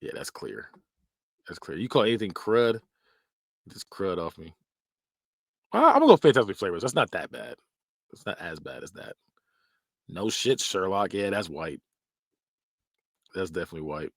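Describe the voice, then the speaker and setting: A man's voice: low-pitched, normal speed, pauses often, dry recording. Guy doing casual tier list commentary, laughs a lot, blunt slangy talk, dry room. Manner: animated, laughs often, repeats phrases in mock voices. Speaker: podcast host.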